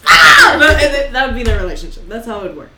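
Young woman co-host, lively swings in pitch, echoey room, casual ranting. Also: racing, very noisy. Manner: animated, swears freely, acts out quotes. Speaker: podcast co-host. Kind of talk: casual chat.

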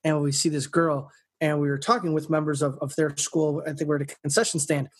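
A man's voice: a little high, flat delivery, brisk, slightly rough. A man co-hosting a podcast in casual chat, telling rambling stories with many restarts. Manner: rambling storyteller, restarts often. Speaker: podcast co-host.

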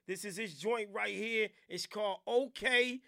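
A man from New Jersey, a radio host, chatting casually on a live stream and shouting out viewers with loud hype. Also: sits high, a little slow, creaky, a little hiss or hum.

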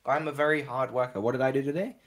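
A man's voice: medium pitch, steady tone, fast talker, crowd noise. A young Australian man hosting a casual podcast, rambling and joking with lots of fillers. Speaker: podcast host.

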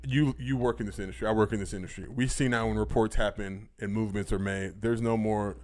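A man's voice: lowish voice, fairly even intonation, fast, darkish tone. A young man talking as a podcast guest in casual chat, blunt and profane with lots of fillers.

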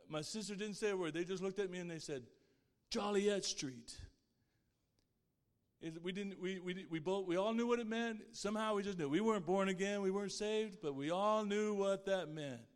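A man's voice: sits high, clean tone. Earnest man's testimony in a reverberant hall. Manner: earnest and heartfelt, speaking of faith. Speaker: guest speaker sharing his testimony. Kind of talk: personal faith testimony.

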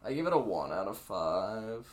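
A podcast co-host rates cards in a casual, rambling conversation packed with filler words, sounding excited throughout. His voice is fairly low in pitch and moves at a moderate pace.

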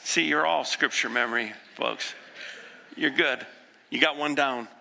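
A pastor in his sixties delivering an earnest sermon, moving from hushed, quiet passages to impassioned ones. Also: mid-range voice, a little slow, gravelly. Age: 60s. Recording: echoey hall with long reverb.

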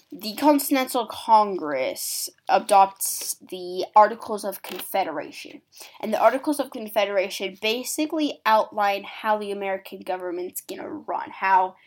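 A woman casually explaining history, chatty and acting out quotes with a lot of "like". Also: mid-range voice. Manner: chatty, acts out quotes, uses "like". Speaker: history presenter.

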